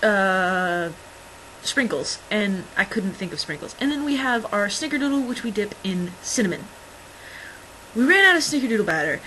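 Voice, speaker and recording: A young woman vlogs in casual chat, rambling through stories with lots of fillers and wry, exasperated asides. Her voice is a little high, bright and forceful, on a low-quality recording with some hiss or hum.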